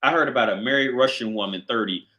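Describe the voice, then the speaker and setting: Hosting a casual livestream from his small apartment, a man shares a story full of profanity and frequent laughter, recorded on a camera or phone held in hand. He talks fast at medium pitch, sounding pushed and bright.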